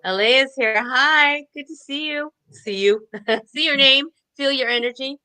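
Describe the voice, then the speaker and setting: Upbeat, chatty woman co-host with a bright, dry, close sound. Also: high-pitched, unhurried, no echo, poor audio. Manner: chatty, upbeat, laughs often. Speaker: co-host doing card readings. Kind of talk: casual online show chat.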